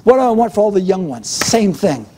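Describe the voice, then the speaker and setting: A man's voice: sits high, sing-song, brisk, noisy background. A middle-aged man preaching a sermon as pastor, with a fervent, repetitive preaching cadence.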